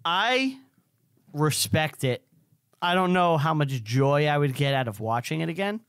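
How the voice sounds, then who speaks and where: A man co-hosting a casual podcast, talking in a relaxed, rambling way and sounding sleepy. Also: a little high, a little slow, clear, resonant tone, dry recording, clean studio sound. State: sleepy, yawning. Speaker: podcast co-host.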